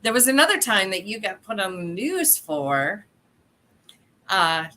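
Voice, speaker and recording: A woman's voice: medium pitch, sing-song, measured pace, pushed and bright, a little hiss or hum. A woman hosting an interview podcast, asking questions with enthusiasm and laughing often. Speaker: podcast host. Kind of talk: casual interview.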